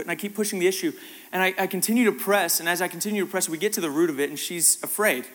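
A man's voice: high voice, rapid-fire, a bit bright. A man preaching a sermon, telling a story with acted-out voices and building to emphatic passages. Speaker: pastor. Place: church hall. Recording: long hall reverb with faint music.

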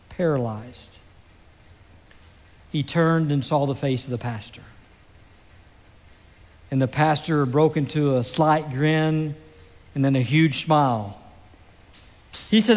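A high-voiced male pastor preaching at an unhurried pace, building the story slowly with long dramatic pauses. His voice rings out with a long hall reverb from a church sanctuary. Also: darkish tone. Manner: slow, dramatic delivery with pauses. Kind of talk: sermon storytelling.

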